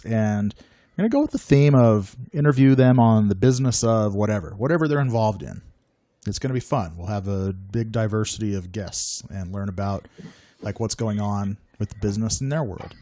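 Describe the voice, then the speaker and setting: A man hosting a casual talk show in an upbeat, joking way. His voice sits a little low. The sound is dry and close, with little room around it. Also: mellow, no room sound. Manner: upbeat, joking, self-deprecating. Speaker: podcast host. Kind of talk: casual chat.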